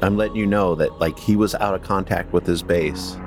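Low-voiced man explaining on a podcast. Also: a little fast, over music. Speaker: podcast co-host presenting the research. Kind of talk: casual podcast chat.

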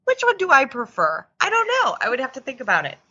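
A woman's voice: sits high, wildly swooping pitch, fast, bright, forceful tone, slightly rough, highs cut off. A woman co-hosting a podcast in a casual chat, musing playfully over odd what-ifs. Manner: musing, playful, full of hypotheticals. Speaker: podcast co-host.

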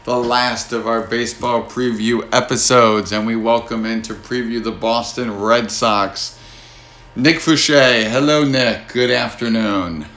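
A man's voice: mid-range voice, fairly even intonation, a little slow, fairly bright tone. A man with a New Jersey accent hosting a casual sports podcast, talking in a wry, teasing, easygoing way. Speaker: podcast host.

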